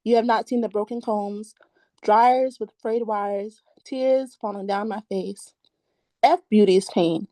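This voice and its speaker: A woman performing spoken word poetry at an open mic over a video call, giggly when chatting and measured when reciting. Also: mid-range voice, steady tone, warm tone, no echo.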